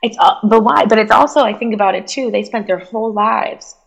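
A woman's voice: mid-range voice, fairly quick, creaky. A young woman talking casually on a podcast, rambling with frequent filler words and loose swearing. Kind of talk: casual chat.

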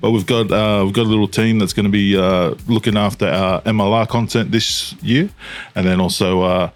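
A man's voice: on the low side, fairly even intonation, a little fast. A man hosting a casual podcast, rambling with lots of ums and the odd swear. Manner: rambling, filler-heavy, swears. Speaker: podcast host. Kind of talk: casual chat.

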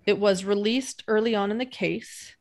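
A woman hosting a podcast interview, giving measured set-ups for her guest. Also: mid-range voice, fairly even intonation. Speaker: podcast host.

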